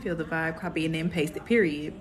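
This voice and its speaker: A young woman, hosting a casual astrology live stream in a sassy, animated way. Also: low-pitched, a little fast. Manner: sassy, animated, calls viewers "baby".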